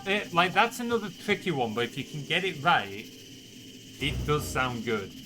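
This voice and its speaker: A man's voice: a little high, big pitch swings, moderate pace, background noise. Giggly Yorkshire man streaming a game. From northern England. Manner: chatty, giggly, self-deprecating. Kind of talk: casual live-stream chat while gaming. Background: game music.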